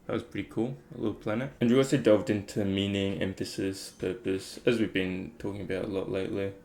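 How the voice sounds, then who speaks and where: A low-voiced man with a gravelly edge talks in a flat, even tone. He muses aloud in a relaxed, reflective way, wandering through his thoughts with plenty of fillers. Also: fairly quick. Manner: rambling, thinking aloud with many fillers. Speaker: meditation vlogger. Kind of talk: casual reflective talk.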